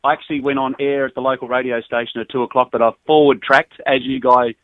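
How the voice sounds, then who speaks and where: A man's voice: mid-range voice, flat delivery, quick pace, no echo. An Australian man, a local radio presenter, chatting and laughing easily on a phone call into a live stream. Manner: chatty, laughs often, easygoing. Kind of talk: casual chat on a phone call. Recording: tinny phone line, dry.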